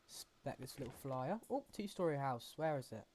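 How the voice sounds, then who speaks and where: A man's voice: medium pitch, big pitch swings, normal speed, darkish tone, a little hiss or hum. A man hosting a gaming channel, talking to himself as he plays in loose, rambling commentary full of fillers and restarts. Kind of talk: casual gameplay commentary.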